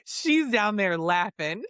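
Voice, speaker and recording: A woman's voice: medium pitch, dry recording, studio quality. A woman hosting a podcast, chatting casually and acting out other people's lines with swearing and bursts of laughter. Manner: animated, acts out quotes with swearing and laughter. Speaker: podcast host. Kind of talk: casual reality TV recap chat.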